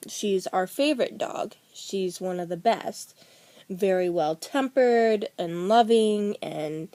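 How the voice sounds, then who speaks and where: A woman's voice: lowish voice, warm tone, no room sound. A middle-aged woman vlogger telling a family story in a rambling, casual way, with many fillers and restarts.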